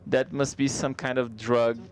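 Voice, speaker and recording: A man giving a live spoken interpretation of a stand-up comedy set, conversational and halting, with frequent restarts. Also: medium pitch, little pitch movement, a little hiss or hum.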